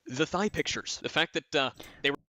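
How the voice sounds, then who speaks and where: A man's voice: fairly high pitch, animated, brisk, sharp tone. A man narrating a scripted drama commentary video, dry and mocking as he recounts events.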